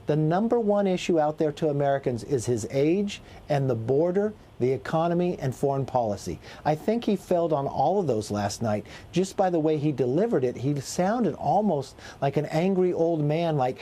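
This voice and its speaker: A man's voice: on the high side, mellow. A middle-aged man speaking as a political guest in a cable news interview, assertive and listing his points, sometimes repeating words.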